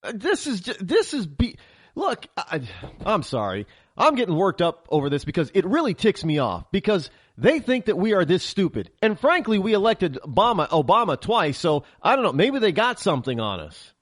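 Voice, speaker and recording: A man's voice: sits high, very animated, moderate pace, no echo, studio quality. A man hosting a political talk show, ranting heatedly in a monologue and often stammering and restarting.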